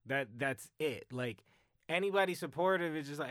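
A young man in his twenties, a podcast guest, talking excitedly with lots of slang and fillers. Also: on the high side, moderate pace, no room sound, clean studio sound. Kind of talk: casual chat.

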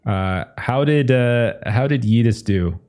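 A man's voice: mid-range voice, lively intonation, takes it slowly, a little mellow. A man narrating as game master of a tabletop game, casual, with many fillers and restarts.

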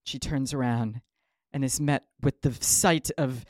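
A man's voice: medium pitch, steady tone, a little slow, darkish tone, dry recording, studio quality. A man hosting a podcast, telling a story in a playful, joking way with lots of ums and asides. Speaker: podcast host.

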